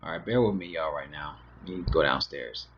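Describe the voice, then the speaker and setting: A man's voice: a bass voice, brisk, highs cut off, slight background noise. A man on a home livestream, chatting in sing-song baby talk to his little daughter between asides to his viewers. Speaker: livestream host and father. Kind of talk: casual livestream chat. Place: at home, moving to the kitchen.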